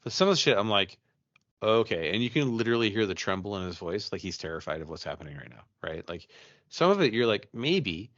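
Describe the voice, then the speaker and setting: A man's voice: on the low side, animated, quick pace, fairly bright tone, no room sound, dull audio. A man co-hosting a podcast, chatting casually and telling a ghost story, profane and rambling with many restarts. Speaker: podcast co-host.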